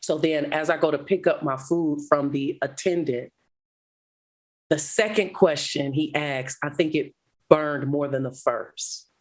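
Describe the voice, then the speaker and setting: A middle-aged woman, a guest speaker, telling a personal testimony in an animated, dramatic way. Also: deep voice, unhurried. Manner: animated, dramatic retelling with laughter. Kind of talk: storytelling testimony.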